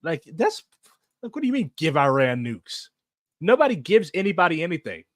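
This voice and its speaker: A man's voice: fairly high pitch, big pitch swings, moderate pace, dry recording, clean studio sound. A man answering viewer questions in casual chat, sarcastic and profane, laughing often.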